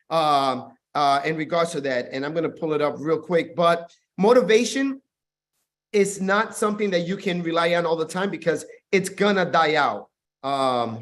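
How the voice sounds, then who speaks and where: A man leading a network marketing team, giving an intense, repetitive motivational talk on a video call. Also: high-pitched.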